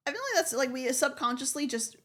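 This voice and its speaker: A woman's voice: high-pitched, fast talker, fairly bright tone. A young woman streamer chatting casually and playfully, giggling and repeating words to test how she says them. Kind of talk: casual live-stream chat.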